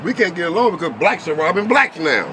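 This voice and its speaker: A man's voice: high voice, big pitch swings, fast talker, background noise. A man hosting a street comedy show, boisterous and profane, laughing at his own jokes outside a convenience store. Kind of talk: loose street comedy banter.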